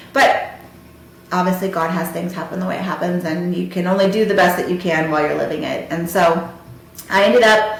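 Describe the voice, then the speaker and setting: A woman's voice: lowish voice, a little hiss or hum. Candid woman in a very echoey room. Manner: candid and heartfelt, talking straight to listeners. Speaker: podcast host. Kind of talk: personal storytelling.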